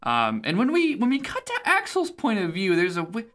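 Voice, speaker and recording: A man with a bright, forceful voice chats casually as a podcast co-host, walking through a game's cutscenes. He rambles, swears freely and laughs along the way. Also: high voice, huge pitch swings, normal speed. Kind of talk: casual chat recapping a video game.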